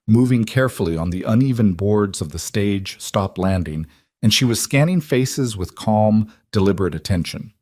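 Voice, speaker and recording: Reading a scripted story, this male narrator keeps his low voice even and his pace calm and unhurried. It's a close-miked, dry recording without any room sound or echo.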